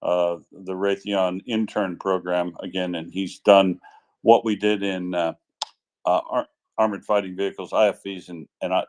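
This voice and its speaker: A man co-hosting a casual audio chat with a somewhat low voice. He talks in a wry, rambling way and often trails off mid-thought. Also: little pitch movement, normal speed, a little mellow, rough recording. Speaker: co-host and analyst.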